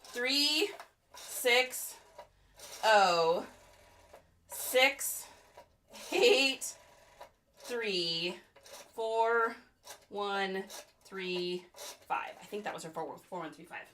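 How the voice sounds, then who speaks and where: A woman's voice: medium pitch, lively intonation, slow, long pauses, pushed and bright. A middle-aged woman chatting playfully in a casual vlog as an online reseller. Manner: chatty, playful, laughs a lot.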